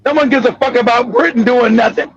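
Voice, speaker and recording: A man hosting a political commentary show, ranting angrily with profanity and bursts of shouting. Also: extremely high pitch, steady tone, fast talker. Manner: angry, profane, shouting tirades. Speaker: host. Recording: dull lo-fi audio.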